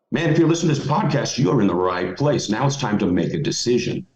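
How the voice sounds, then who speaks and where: A man's voice: mid-range voice, very animated, quick pace, a little mellow. A middle-aged man giving motivational advice as a podcast guest, emphatic and folksy. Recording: roomy, dull lo-fi audio.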